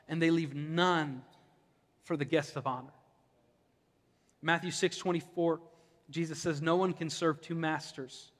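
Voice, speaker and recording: A young adult male pastor from Ohio preaching in a conversational, impassioned way, slipping into humorous stories about his own life. His voice sits a little high for a man. The sound rings with the long reverb of a church sanctuary. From Ohio, USA. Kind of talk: sermon.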